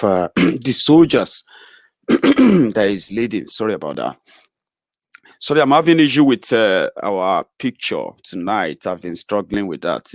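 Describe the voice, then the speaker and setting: Low-voiced man hosting, halting and dry. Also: no echo. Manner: halting, full of "uh" fillers and restarts. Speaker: host of a political web show. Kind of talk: live broadcast commentary.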